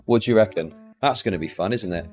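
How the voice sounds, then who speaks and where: A man's voice: fairly low pitch, fast talker, darkish tone, soft background music. A man ranting on a live stream, scornful and heated, swearing often.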